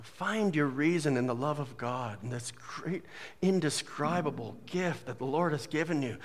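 A man preaching a casual, jokey sermon as a pastor, full of folksy asides and quick humor. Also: on the high side, lively intonation, in a large hall. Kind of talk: conversational sermon.

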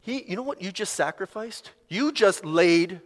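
A male preacher giving a sermon in an animated, conversational way, often acting out inner voices. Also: sits high, normal speed. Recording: long reverb of a large hall.

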